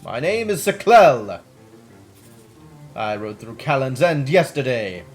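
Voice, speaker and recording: An earnest young knight of the round table speaks in a put-on English accent, as a man reads him aloud. The delivery is formal and storybook-like, with a lively, swinging pitch. His tone is mid-pitched. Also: slow, faint music behind.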